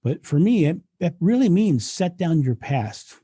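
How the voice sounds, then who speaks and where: Man, very dark mellow voice, husky, dry close sound, earnest guest, restarts often. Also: on the high side, sing-song, measured pace, dry recording. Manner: earnest, frequent restarts and repetitions. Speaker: guest speaker. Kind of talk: reflective interview storytelling.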